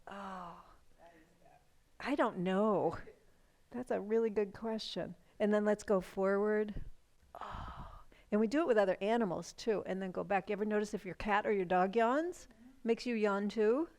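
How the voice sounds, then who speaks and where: A middle-aged woman leading a chair yoga class, giving calm, gentle cues for breathing and stretching with casual asides. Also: mid-range voice, moderate pace. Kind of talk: guided class instruction.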